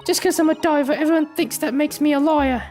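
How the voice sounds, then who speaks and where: A man voicing a brash cockney street girl in a strained, squeaky falsetto while playing a detective game. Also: fast, darkish tone, soft background music. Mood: annoyed.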